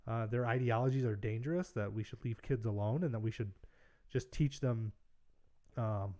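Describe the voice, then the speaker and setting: A man hosts a political livestream in a loose, casual way. He reads news aloud and breaks in with sarcastic, mocking remarks. His voice sits at an ordinary middle pitch. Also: mellow. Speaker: political podcast host.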